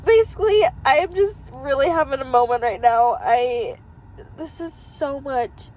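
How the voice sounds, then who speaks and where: Brief: young woman, very high voice, slow unhurried delivery, teary and shaky, phone vlog in a car, faint hum behind. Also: animated, darkish tone, poor audio. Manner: talks through tears with shaky laughs. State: tearful, crying. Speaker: vlogger. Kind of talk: emotional personal vlog.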